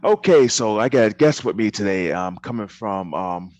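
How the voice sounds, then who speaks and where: A man hosts a casual podcast interview in a fairly low voice. He speaks haltingly, with plenty of fillers and restarts. The sound is dry and close. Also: expressive, a little mellow, dry recording. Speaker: podcast host. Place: hotel during a convention.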